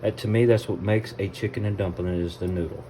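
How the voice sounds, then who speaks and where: A chatty Southern US man hosts a relaxed cooking video in his home kitchen, talking to his viewers like old friends. His voice sits a little low and sounds mellow and warm. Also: brisk, a little hiss or hum. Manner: folksy, chatty, addresses viewers as y'all. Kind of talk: casual cooking vlog.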